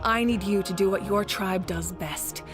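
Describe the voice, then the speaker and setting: An actress voicing a commanding woman leader in a video game cutscene, giving calm, decisive orders over game music. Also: mid-range voice, moderate pace, close to an everyday voice.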